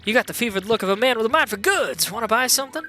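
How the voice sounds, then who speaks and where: A man voicing a pushy male street merchant with loud, hawking sales patter. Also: extremely high pitch, lively intonation, racing, faint music behind, pitched above the performer's own voice, heavily acted.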